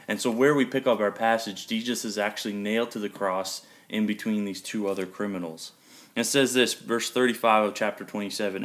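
A young man preaching a sermon in a conversational, earnest way. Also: lowish voice. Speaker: pastor.

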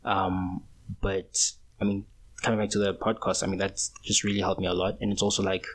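A man's voice: low voice, level tone, brisk. A young man in his twenties hosting a solo podcast, talking in a casual, rambling, slangy way. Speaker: podcast host.

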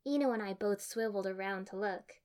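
A woman's voice: mid-range voice, fairly quick, darkish tone, smooth. A woman reading first-person fan fiction aloud in a dry, matter-of-fact manner. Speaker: audiobook reader.

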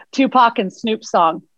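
A woman's voice: a little high, fairly bright tone, no echo, muffled recording. A woman guest on an interview show, a mindset coach, chatting in a bubbly way and laughing often. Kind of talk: casual interview chat.

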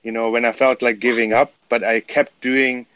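A man with a German accent co-hosting a podcast, reflective and halting, sometimes searching for the right word. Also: mid-range voice, level tone, fairly bright tone, no echo, poor audio. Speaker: podcast co-host. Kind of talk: casual chat.

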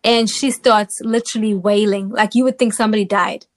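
Speaking fairly quickly in a mid-range voice, this interview guest from South Africa tells her personal testimony with animation, frequently checking in with whoever is listening.

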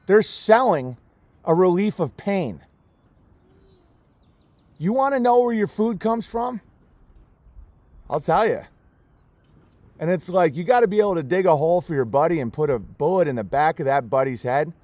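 Guy homesteader ranting at the camera, pretty high voice, worked up and teary, keeps repeating himself, dry close sound. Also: lively intonation, moderate pace, long pauses, a little mellow, no echo. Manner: emotional, emphatic, repeats key words. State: close to tears. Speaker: homesteader raising goats and chickens. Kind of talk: impassioned vlog rant.

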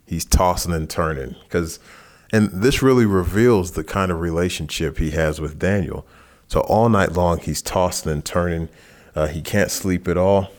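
A man teaching a Bible passage in a relaxed, conversational sermon, who rises in pitch for lively asides. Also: normal speed. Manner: casual and animated, jumps higher in pitch for asides. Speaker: pastor.

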